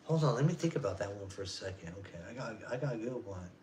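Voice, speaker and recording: A man's voice: fairly low pitch, lively intonation, fast talker, darkish tone, a little hiss or hum. A man in his forties ranting casually on a vlog, rambling and profane, in loose street slang. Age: 40s. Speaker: vlogger. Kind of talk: casual rant.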